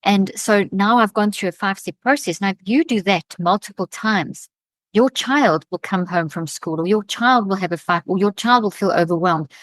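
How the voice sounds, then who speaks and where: Woman guest expert, explains methods with animated play-acting, mid pitch, dry close sound. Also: moderate pace, dry recording. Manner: animated, acts out parent's words.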